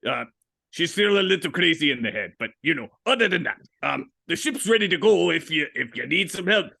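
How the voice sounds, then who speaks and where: A man's voice: fairly high pitch, lively intonation, brisk, vocal fry, pushed and bright, husky, pitched above the performer's own voice, exaggerated voice. A man voicing a hearty old male pirate ship captain who growls his lines in pirate talk during an improv scene. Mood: gruff.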